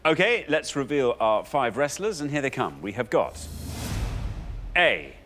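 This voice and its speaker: A man's voice: mid-range voice, big pitch swings, unhurried, a bit bright, a little hiss or hum. A man hosting a TV quiz show, reading out answers and bantering playfully with his co-host. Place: TV studio.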